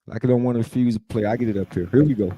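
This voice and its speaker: A man's voice: medium pitch, very fast, dark tone, husky, no echo. A man hosting a talk show, giving a monologue in a preachy style, with rhetorical questions and emphatic repeats. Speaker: show host. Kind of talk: casual commentary monologue.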